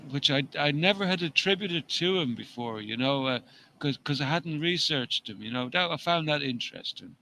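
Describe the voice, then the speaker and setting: A man's voice: medium pitch, sharp tone, a little hiss or hum, rough recording. A man co-hosting a casual live chat, foul-mouthed and mocking, laughing at his own jokes. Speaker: co-host.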